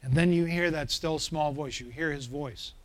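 A man's voice: a little high, moderate pace. A man preaching a sermon as pastor, building to emphatic swells and checking in with the congregation through questions.

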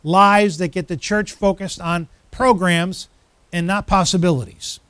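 A man's voice: high voice, steady tone, unhurried, a bit bright, clear, resonant tone, no echo. A man preaching a sermon as pastor, emphatic, building through repeated phrases.

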